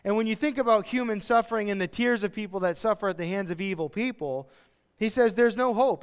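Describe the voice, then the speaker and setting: High-voiced man preaching in a hall. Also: clean tone. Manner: animated, acts out everyday voices. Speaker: pastor. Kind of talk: expository sermon. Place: church.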